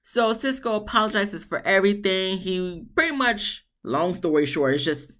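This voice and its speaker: A woman casually recapping a TV episode, chatty and animated, with sarcastic asides. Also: normal speed. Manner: chatty, animated, mock-quotes people with big pitch swings. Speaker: TV show reviewer.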